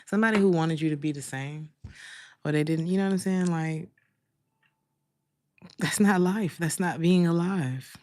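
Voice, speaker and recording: A woman's voice: lowish voice, moderate pace, pauses often, a little mellow. A woman giving a casual tarot reading, chatting with her viewers in loose, slangy speech and laughing often. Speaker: tarot reader.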